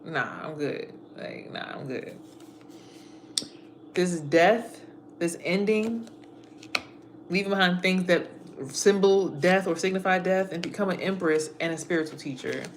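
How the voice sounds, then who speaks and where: A woman giving a blunt, casual spiritual monologue, speaking in a streetwise, profane way and swinging from muttered asides to loud outbursts. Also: lowish voice, moderate pace, a little hiss or hum. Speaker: spiritual content creator.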